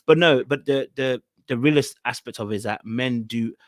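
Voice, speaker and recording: A man hosting a podcast in a casual, rambling way, full of "you know" and "um". His voice sits at an ordinary middle pitch and sounds dry and close to the mic. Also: normal speed, no echo. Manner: rambling, filler-heavy, laughs at the clip. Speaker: podcast host.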